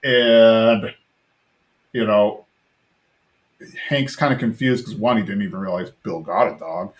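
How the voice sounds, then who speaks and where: A man's voice: lowish voice, steady tone, a little slow. A man hosting a podcast, casually retelling a cartoon episode in a rambling way, full of fillers, briefly mimicking the characters' lines. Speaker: podcast host.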